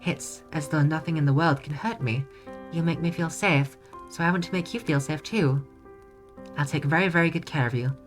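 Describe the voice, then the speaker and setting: A woman voicing a sweet, playful young princess in a soft, coaxing, slightly hoarse voice while reading a visual novel aloud. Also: low voice, moderate pace, faint music behind, voice pushed up, lightly acted. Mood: tender.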